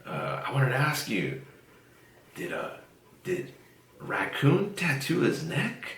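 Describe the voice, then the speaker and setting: A man's voice: a little high, huge pitch swings, takes it slowly, a bit bright, distant mic, voice pushed up, heavily acted. A man mimicking a chatty late-night caller. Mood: casual. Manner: raised, chatty quoting voice. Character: casual male friend calling late, easygoing. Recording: roomy echo.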